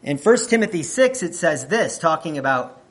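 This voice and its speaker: A man preaching a sermon in a conversational teaching manner, often asking his listeners questions and clearing his throat. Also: on the high side, very animated, moderate pace, fairly bright tone.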